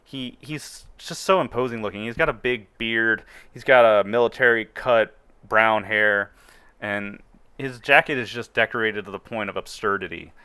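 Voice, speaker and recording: Male game master, low and clear, loose and joking. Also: moderate pace, pushed and bright, dry recording. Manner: rambling, joking, fillers. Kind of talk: narrating a tabletop game.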